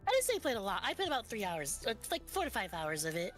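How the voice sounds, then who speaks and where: A woman's voice: mid-range voice, sing-song, quick pace, soft background music. A woman guest on a game livestream, chatting casually and rambling with restarts. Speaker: guest streamer.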